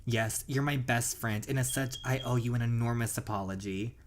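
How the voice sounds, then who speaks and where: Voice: mid-range voice, moderate pace, natural voice. A gamer reading out the lines of a heartfelt young woman in a story game, close to their own voice. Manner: heartfelt, apologetic. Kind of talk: reading game dialogue aloud.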